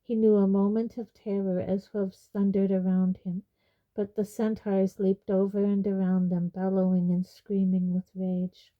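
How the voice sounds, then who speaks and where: A woman reading a fantasy novel aloud in a measured audiobook narration. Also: mid-range voice, level tone, phone-quality sound. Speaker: reader.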